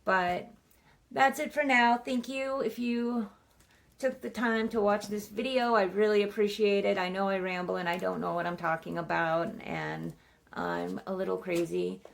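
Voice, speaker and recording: A woman's voice: mid-range voice, fairly even intonation, moderate pace, vocal fry. A young woman chatting casually about a book she read, rambling, swearing freely and saying "like" a lot. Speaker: book vlogger. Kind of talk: casual book review chat.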